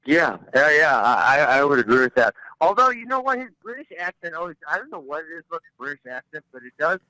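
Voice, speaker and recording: A man's voice: a little high, very animated, quick pace, sharp tone, no room sound, rough recording. A man talking bluntly as a podcast guest, rambling and restarting his sentences in casual chat. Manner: blunt, rambling, repeats words when starting.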